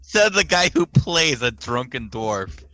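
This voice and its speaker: A man's voice: medium pitch, big pitch swings, a little slow, pushed and bright, poor audio. A man playing in a tabletop game, bantering in a teasing, sarcastic way. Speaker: player.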